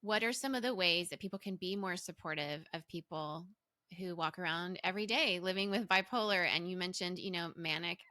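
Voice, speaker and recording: A woman's voice: fairly low pitch, brisk, sharp tone, no room sound, studio quality. A woman hosting a podcast interview, asking long, careful questions and affirming her guest. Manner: affirming listener, asks long thoughtful questions. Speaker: podcast host. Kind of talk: conversational interview.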